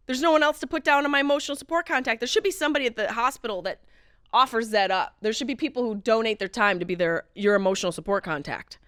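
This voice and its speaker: Woman comic host in her late thirties, higher voice, crisp and dry, lively swings from shouts to mutters. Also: quick pace, no echo. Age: late 30s. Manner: animated, wry, mimics others in mock voices; swings between loud outbursts and low mutters. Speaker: podcast host. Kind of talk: comedic monologue.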